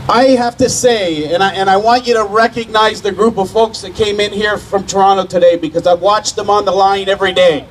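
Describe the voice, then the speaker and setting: A man with a very high voice delivers a fiery union rally speech outdoors. He builds his points through repetition and rises to shouts, and faint background noise runs underneath. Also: fairly even intonation, brisk, hardly any pauses, poor audio. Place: outdoor rally outside a company headquarters.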